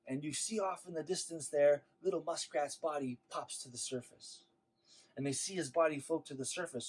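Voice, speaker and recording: A man telling a traditional legend to schoolchildren in an animated, expressive way. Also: on the high side, low-quality recording. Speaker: storyteller.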